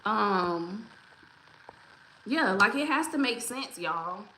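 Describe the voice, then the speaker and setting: A woman's voice: medium pitch, expressive, slow, sharp tone, slight background noise. Chatty woman hosting a livestream. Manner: chatty, encouraging, greets viewers by name. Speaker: livestream host. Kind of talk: casual livestream chat. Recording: roomy echo.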